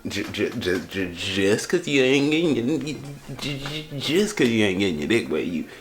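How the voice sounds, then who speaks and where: A man's voice: lowish voice, big pitch swings, moderate pace, faint music behind. A young man doing comedic reaction commentary, ranting in slangy, exasperated bursts that often stammer and restart. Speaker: YouTube roast commentator.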